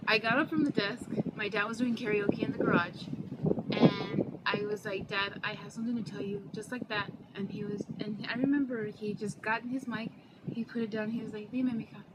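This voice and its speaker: A woman's voice: medium pitch, steady tone, moderate pace. A young adult woman telling her personal story in a casual, heartfelt way, often saying "like". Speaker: interviewee. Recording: loud vehicle noise behind.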